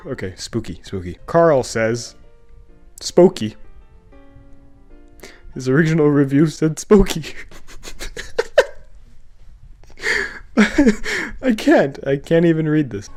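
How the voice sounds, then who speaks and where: A man's voice: a little high, animated, normal speed, a little mellow, soft background music. A man giving comedic commentary as he reads funny online reviews aloud, with sarcastic, mock-outraged asides. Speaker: comedy YouTuber reading reviews.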